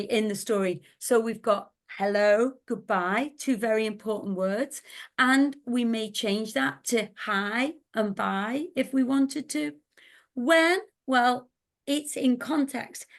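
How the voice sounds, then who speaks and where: Slow, animated woman reading a story. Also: a little high. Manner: playful storytelling, acting out loud, busy, quick and whispered voices. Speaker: teacher trainer. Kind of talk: online teacher workshop, reading a children's story aloud.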